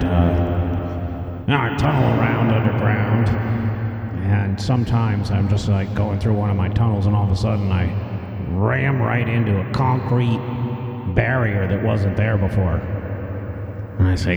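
A man voicing a grumpy male weasel who lives in underground tunnels, with a gravelly voice and grumbling, cursing complaints, through a voice filter. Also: on the low side. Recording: echoey, distant, lo-fi filtered voice.

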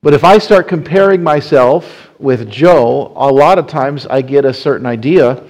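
A man's voice: medium pitch, unhurried, a little mellow, poor audio. A man preaching in a church, talking in a conversational way, restarting phrases often as he explains. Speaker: pastor. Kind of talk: sermon.

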